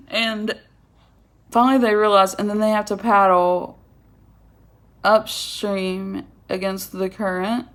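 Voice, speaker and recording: A woman's voice: fairly high pitch, slow, long pauses, fairly bright tone. A young woman telling a story casually, chatty and dramatic. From Georgia, USA. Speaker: vlogger.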